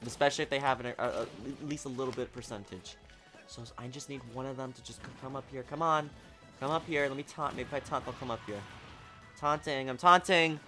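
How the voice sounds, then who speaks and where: A man giving live gameplay commentary, excitable and exasperated, breaking into sudden shouts. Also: mid-range voice, brisk, soft background music. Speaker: gaming video creator.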